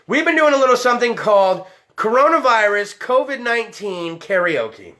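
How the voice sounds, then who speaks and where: A man's voice: sits high, very animated, fairly quick, few pauses, sharp tone. A man hosting a live-streamed show, talking in a loose, tipsy, heavily profane way. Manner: rowdy, tipsy, swears a lot. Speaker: podcast host.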